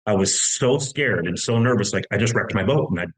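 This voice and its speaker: A man's voice: fairly low pitch, a little fast, poor audio. A middle-aged American man telling a long story in casual talk, long-winded with many restarts. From United States. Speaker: podcast guest.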